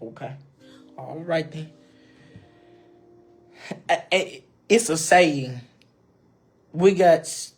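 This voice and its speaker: A woman talks straight into her live stream with a husky, slightly breathy voice, pressing her advice on listeners in repeated, emphatic phrases. She calls her audience baby, and soft music plays faintly behind her. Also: low voice, extremely slow, pauses often. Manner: speaks to viewers directly, calls them baby. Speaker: livestreamer. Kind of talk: casual live-stream monologue.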